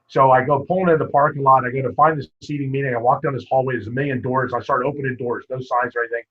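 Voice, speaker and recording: Husky-voiced man telling coaching stories. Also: mid-range voice, very fast. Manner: animated anecdote-telling with quoted dialogue. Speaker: wrestling coach, guest. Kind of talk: casual storytelling interview. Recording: muffled lo-fi podcast audio.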